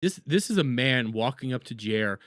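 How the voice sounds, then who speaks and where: A man streaming casual reaction commentary, animated and swearing, often repeating words and mocking the people in the clips. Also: mid-range voice, normal speed, dry recording, studio quality.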